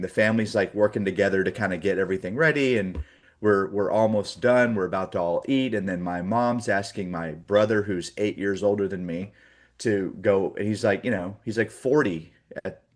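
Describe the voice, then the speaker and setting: A man in his forties giving a casual morning training talk to sales agents, full of fillers and acted-out call examples. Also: fairly low pitch.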